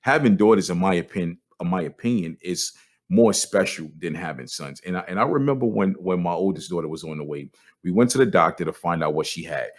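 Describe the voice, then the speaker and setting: A man's voice: sits low, lively intonation, a little fast. A man speaks in a casual podcast monologue. He talks candidly and profanely, often restarting his sentences as he works out his thoughts. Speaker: podcast host.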